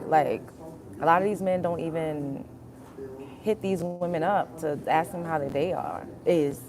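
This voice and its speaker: Blunt, profane woman ranting to viewers. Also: sits low. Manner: repetitive, addresses viewers directly. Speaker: livestream host. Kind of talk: casual livestream rant.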